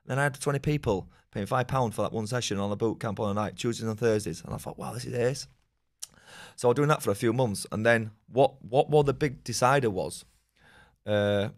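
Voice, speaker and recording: A man, telling rambling, sweary stories as a podcast guest. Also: mid-range voice. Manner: fast, rambling, swears often, laughs. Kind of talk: casual storytelling chat.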